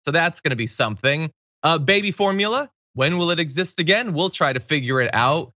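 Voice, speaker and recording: A man's voice: fairly high pitch, brisk, dry recording, highs cut off. A man hosting a casual news talk show, joking and laughing with his co-host. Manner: jokey, animated, laughs often.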